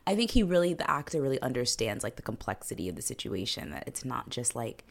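A woman's voice: rumbling low, very animated, fast talker, creaky. A woman co-hosting a podcast, recapping a TV episode in casual chat, rambling with lots of fillers and sarcastic asides.

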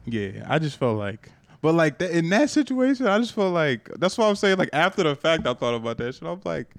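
A man's voice: on the high side, brisk, gravelly, no echo. A young man co-hosting a podcast in casual chat, telling stories with lots of slang and frequent laughter. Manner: animated storyteller, laughs often, slangy. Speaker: podcast co-host.

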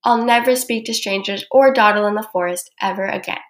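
A woman's voice: medium pitch, a little fast, reverberant, natural voice. A woman voicing an innocent young girl in a red hood, talking in an earnest, wide-eyed way.

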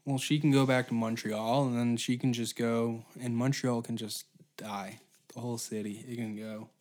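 A man's voice: mid-range voice, little pitch movement, moderate pace, darkish tone. A man from Canada hosting a solo comedy podcast, rambling and profane as he riffs off the cuff. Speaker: podcast host.

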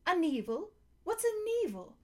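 A crowd of freshly woken talking animals calls out in eager, squeaky, bewildered voices, as a woman reading a storybook plays them all. The sound swings high and wide. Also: big pitch swings, normal speed.

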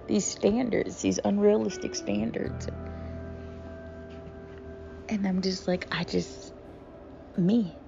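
A woman co-hosting a podcast, talking through her feelings in a halting, self-affirming way with many fillers. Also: medium pitch, vocal fry, mellow, lo-fi sound. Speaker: podcast co-host. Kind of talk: reflective podcast monologue.

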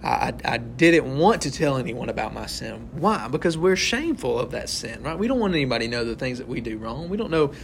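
A man's voice: medium pitch, sing-song, brisk, creaky, hardly any pauses, a little hiss or hum. A man leading an interactive Bible study, talking conversationally, often tagging his points with "right?" and acting out little scenes. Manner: conversational, asks the group questions; tags sentences with "right?".

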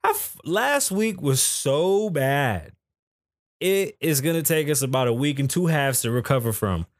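A man hosting his own podcast, chatting casually in a loose, joking and profane way, with sudden jumps in pitch. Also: expressive, unhurried, no room sound, studio quality. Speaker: podcast host.

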